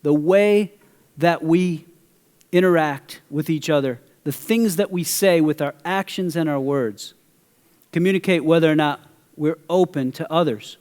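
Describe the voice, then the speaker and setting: Middle-aged pastor guy telling a story in his sermon, kinda high voice, echoey big room. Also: unhurried. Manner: animated, acts out a story with quoted voices and audience questions. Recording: long hall reverb.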